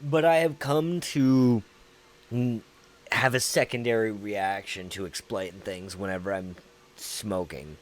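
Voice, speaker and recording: A man's voice: mid-range voice, animated, slow pace, creaky. A man with a Southern US accent, hosting a livestream and chatting casually with his viewers in a rambling, profane, laid-back way. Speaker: livestream host.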